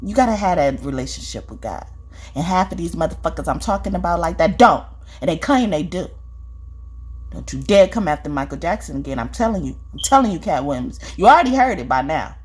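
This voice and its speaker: A woman's voice: lowish voice, lively intonation, a little fast, slightly rough. A woman giving a spiritual reading, talking straight at the viewer, profane and scolding, repeating her points and tagging them with "okay?". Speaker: spiritual reader. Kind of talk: confrontational spiritual vlog monologue.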